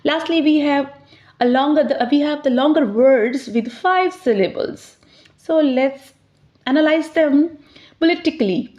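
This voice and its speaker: A woman teaching English pronunciation, explaining step by step and slowly sounding out each word. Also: high voice, darkish tone. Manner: slows down to sound out words clearly. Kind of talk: slow, deliberate teaching explanation. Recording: slightly dull, lo-fi sound.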